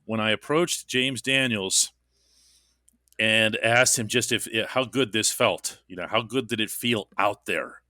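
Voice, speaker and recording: A man's voice: on the low side, a little slow, sharp tone, no echo, studio quality. A man hosting a sports podcast, telling stories in a casual, wry way. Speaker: podcast host.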